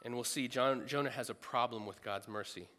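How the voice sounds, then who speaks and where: A man's voice: mid-range voice, brisk, pushed and bright, long reverb tail. A man preaching a sermon in a large room, earnest and emphatic, repeating phrases for stress.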